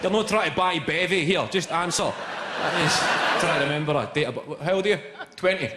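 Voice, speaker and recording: A young Scottish man doing a stand-up comedy set, swearing and shouting punchlines, often laughing as he talks. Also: a little high, brisk, very noisy. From Scotland. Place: large comedy venue with live audience. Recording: echoey venue with loud crowd.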